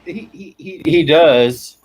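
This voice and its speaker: Middle-aged guy, kinda raspy, swearing a lot and rambling, laughing at his own stories. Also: fairly high pitch, takes it slowly, darkish tone, low-quality recording. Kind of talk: casual chat.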